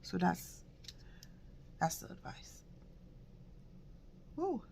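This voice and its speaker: A woman giving a casual tarot reading, halting and reflective, often repeating words and dropping into soft whispers. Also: lowish voice, big pitch swings, gravelly, slight background noise. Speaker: tarot reader.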